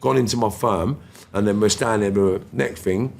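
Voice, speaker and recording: With a lowish, gravelly voice at a moderate pace, a man in his fifties spins casual stories as a podcast guest amid slight background noise. He's animated, performs others' lines, and swears freely.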